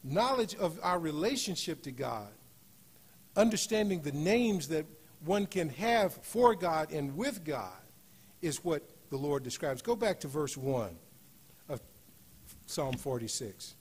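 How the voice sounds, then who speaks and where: A man preaching a sermon in a church, slowing on key phrases and rising to loud, emphatic peaks. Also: fairly high pitch, expressive, husky. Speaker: guest preacher. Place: church sanctuary.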